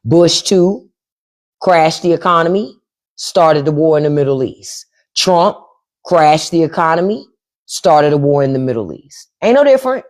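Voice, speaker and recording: A woman's voice: deep voice, lively intonation, a little slow, darkish tone. A woman hosting a casual livestream, talking bluntly and with profanity while answering the chat. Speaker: podcast host on a livestream.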